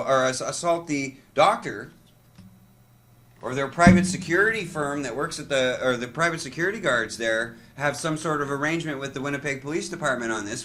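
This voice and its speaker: A man giving an impassioned, rambling monologue to camera, urgent and halting with many restarts. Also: a little high, a bit bright. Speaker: vlogger.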